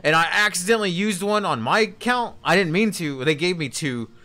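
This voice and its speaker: A man's voice: sits high, expressive, brisk, bright, forceful tone. A man streaming a video game, chatting casually with viewers in a hesitant, rambling way. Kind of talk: casual live-stream chat.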